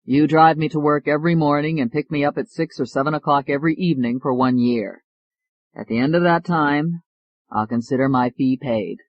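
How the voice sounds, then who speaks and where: A narrator voicing a brisk, gruff older male doctor who talks bluntly. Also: medium pitch, dry recording, muffled recording, lightly acted. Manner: curt, blunt.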